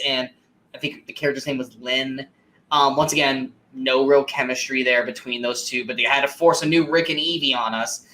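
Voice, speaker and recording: A man's voice: a little high, bright, forceful tone. A man co-hosting a movie podcast, ranting emphatically and swearing in casual review chat.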